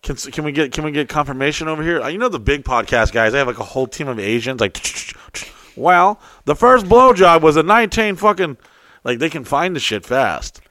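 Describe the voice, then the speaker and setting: A man on a podcast telling crude stories and jokes, rowdy and profane, often jumping into loud high put-on voices. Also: fast talker, hardly any pauses. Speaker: podcast host. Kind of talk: crude comedic podcast banter.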